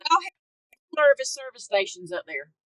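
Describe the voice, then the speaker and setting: A woman's voice: sits high, sing-song, moderate pace, no room sound, low-quality recording. A woman, a podcast co-host trading blunt, joking quips in casual chat.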